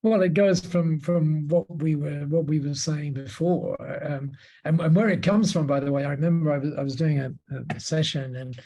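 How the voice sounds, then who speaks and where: A man, a podcast guest, telling long anecdotes in an interview, with many restarts and quick laughs. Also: a little high, warm tone.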